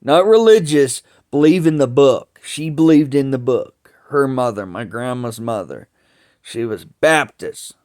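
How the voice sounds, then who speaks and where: A man telling family stories in a slow, halting way, restarting sentences often and cursing casually. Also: mid-range voice, expressive, a little mellow. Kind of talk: rambling family storytelling.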